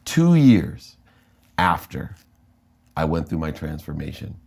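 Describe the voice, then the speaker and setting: An American man tells his life story as an interview guest, animated and quick to act out what others said. His voice sits deep and low. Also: creaky, slightly rough. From United States. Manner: animated storyteller, acting out quoted dialogue.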